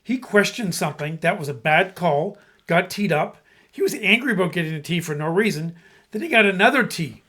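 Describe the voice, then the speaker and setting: A man's voice: high voice, expressive, a little fast, fairly bright tone, breathy edge. A man co-hosting a podcast, talking in an emphatic, speechifying way. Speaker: podcast co-host. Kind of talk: casual chat.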